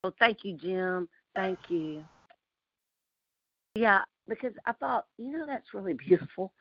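A community member on a relaxed group call, this Louisiana woman is a talkative storyteller who laughs frequently and animates her tales. She speaks at a mid-range pitch and a measured pace over a muffled remote call line.

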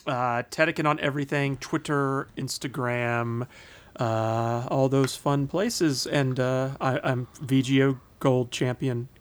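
A man's voice: medium pitch, fairly even intonation, slow pace. A man chatting on a podcast about games, rambling with stammered restarts. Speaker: podcast co-host. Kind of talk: casual podcast chat.

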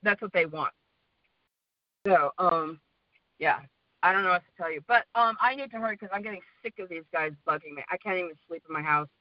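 A woman's voice: fairly low pitch, a little fast, no echo. Woman, Western American accent, caller, rambling, exhausted, muffled dry phone audio. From United States. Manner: rambling, repeats herself, many fillers and tag questions. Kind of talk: call-in testimony on a community prayer call. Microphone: phone line.

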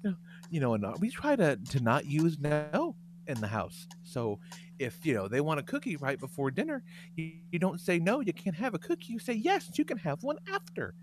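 A middle-aged man hosting a podcast, telling stories in a profane, animated way. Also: fairly high pitch, a little fast. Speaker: podcast host. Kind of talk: casual podcast chat.

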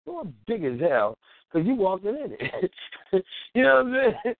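A man's voice: high-pitched, sing-song, moderate pace, creaky, no room sound. A man hosting an internet radio show, talking casually, laughing often and acting out little scenes in quoted voices. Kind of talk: casual comedic monologue. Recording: tinny phone-line call-in audio.

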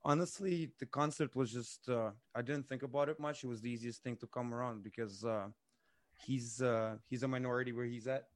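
A man with a Russian accent talking in loose, profane podcast chat. He keeps checking in with his listener by tagging "right?" onto his sentences. His voice sits at a middle pitch and is recorded dry and close. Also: steady tone, fairly quick, no room sound. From Eastern Europe. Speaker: podcast co-host and rapper.

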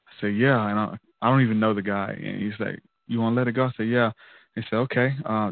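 A man's voice: on the low side, little pitch movement, fast, vocal fry, no room sound. A man casually telling a personal testimony in an earnest, loose way, peppered with "man" and "dude". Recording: tinny phone-like line, dry.

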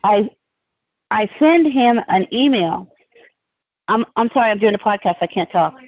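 A woman speaks as a podcast guest and drifts from one tangent to the next in loose, animated storytelling. Her voice sits close and dry on a slightly dull, lo-fi recording. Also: mid-range voice, a little slow, no room sound. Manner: rambling, animated, digressive storytelling.

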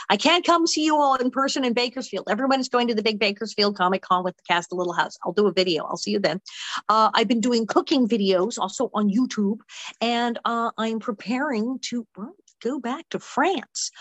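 A woman's voice: fairly high pitch, a bit bright, no echo. A woman talking as an actress guest in a casual interview, chatty and upbeat.

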